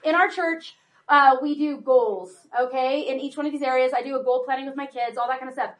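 A woman's voice: high-pitched, fairly quick. A woman in her forties giving a workshop talk to an audience on homeschooling, chatty and full of "like", "right?" and "okay?". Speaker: homeschool presenter.

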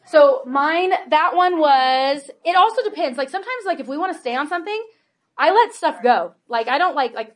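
A woman's voice: high voice, expressive, moderate pace. A woman in her forties giving a workshop talk to an audience on homeschooling, chatty and full of "like", "right?" and "okay?". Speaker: homeschool presenter.

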